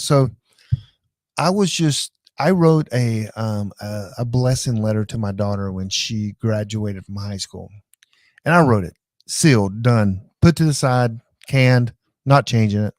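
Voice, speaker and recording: A man's voice: mid-range voice, moderate pace, no echo. Rambling middle-aged man, dry close sound. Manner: rambling, animated storytelling with many restarts. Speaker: live show host. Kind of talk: casual live-stream chat.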